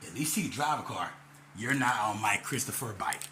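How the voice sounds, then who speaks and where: A man's voice: lowish voice, lively intonation, normal speed, roomy sound, noisy background. A man ranting to the camera in a rambling, angry, profane monologue. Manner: loud and heated in the second half. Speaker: vlogger.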